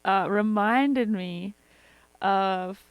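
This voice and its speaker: A woman's voice: mid-range voice, very slow, clean tone, no room sound, lo-fi sound. A young woman co-hosting a podcast in casual chat, swearing freely and telling stories with laughter. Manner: profane, storytelling with laughter. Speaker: podcast co-host.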